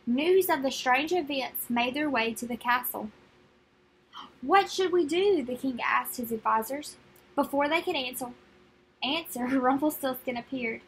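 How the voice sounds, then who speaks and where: A young woman reading a children's picture book aloud, friendly and expressive. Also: high-pitched, moderate pace, husky, low-quality recording. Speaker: read-aloud narrator.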